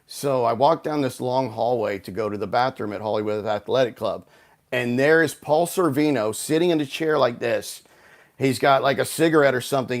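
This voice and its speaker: A man as a podcast guest, telling animated anecdotes in casual talk, full of "like" and "you know". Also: medium pitch. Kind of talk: casual storytelling.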